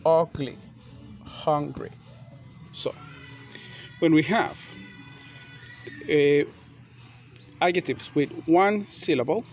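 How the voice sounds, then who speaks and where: A man teaching a grammar lesson, repeating and spelling out words slowly and deliberately. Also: fairly high pitch. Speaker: English teacher.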